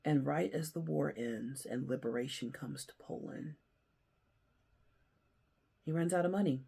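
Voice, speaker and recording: A man hosting his own commentary show, telling a story earnestly and shifting between loud emphasis and hushed, near-whispered lines. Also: a little high, measured pace, gravelly, husky. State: emotional, near tears. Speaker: host. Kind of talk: casual commentary.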